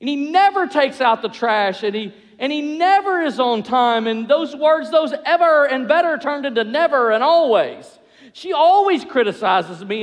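A man with a very high voice preaches a sermon. He is animated and acts out the voices of couples as he goes, and his words ring out with a long reverb like in a large hall. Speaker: pastor.

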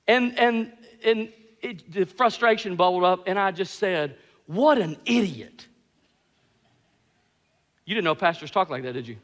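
A man preaching a sermon as pastor, telling stories with animated, self-mocking humor. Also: high voice, big-room sound.

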